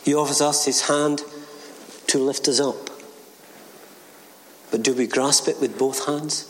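Older minister telling a story, long echo off the church walls. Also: male voice, medium pitch, steady tone, unhurried, slight background noise. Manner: gentle storytelling, acts out voices in quotes. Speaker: retired minister. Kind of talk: short sermon with a told joke. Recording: reverberant church hall.

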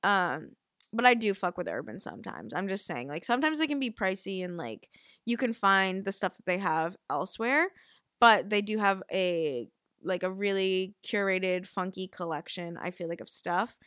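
A woman's voice: mid-range voice, expressive, normal speed, a bit bright, no echo, clean studio sound. A young woman hosting a podcast, chatting casually with lots of fillers and casual swearing. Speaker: podcast host. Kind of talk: casual chat.

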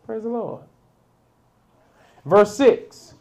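A man preaching a sermon, reading scripture and explaining it, with laughs between points and sudden loud peaks. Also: sits high, expressive, a little slow, long pauses.

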